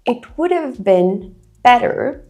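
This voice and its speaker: A woman teacher reads out a listening quiz in a careful, deliberate way. Her pitch sits a little high and moves a lot, and she speaks slowly so learners can follow. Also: very animated, a little mellow. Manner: careful, deliberate reading of example sentences. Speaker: English teacher. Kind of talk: slow, clear quiz narration for learners.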